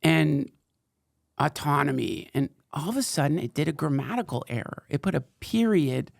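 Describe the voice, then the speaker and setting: Man, podcast host, very gravelly, fairly high, rambling, excitable, dry close studio mic. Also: normal speed. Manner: rambling, excitable, pitch jumps when animated. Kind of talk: casual chat.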